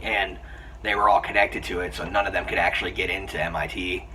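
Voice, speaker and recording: Young man, casual film review, excitable, rambling, bright voice, slightly distant mic. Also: sits low, fairly quick, a little hiss or hum. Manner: excitable, rambling with frequent restarts and fillers. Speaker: movie reviewer.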